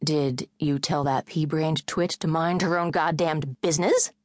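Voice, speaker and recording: A woman's voice: low voice, steady tone, unhurried, darkish tone, no echo. A woman voicing a weary middle-aged mother in an audiobook, speaking in a tight, restrained way. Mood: strained.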